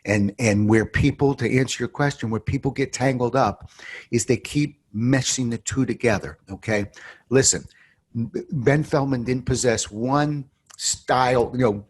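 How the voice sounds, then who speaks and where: Husky animated man telling stories. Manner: animated storyteller, emphatic, swings from low asides to loud stresses. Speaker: sales trainer and author. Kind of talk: podcast interview answer.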